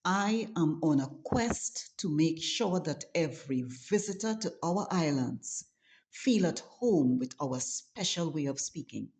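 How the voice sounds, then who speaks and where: A Trinidadian woman hosting her own channel, slowly and deliberately teaching local dialect. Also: deep voice, dark tone. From Trinidad and Tobago. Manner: slow, deliberate and instructive. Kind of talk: scripted lesson narration.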